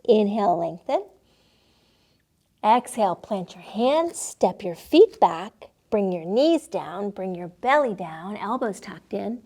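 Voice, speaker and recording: A young woman gently guiding children through a yoga class, playful and encouraging, sometimes making animal sounds. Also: mid-range voice, very animated, takes it slowly. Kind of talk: guided kids' yoga instruction.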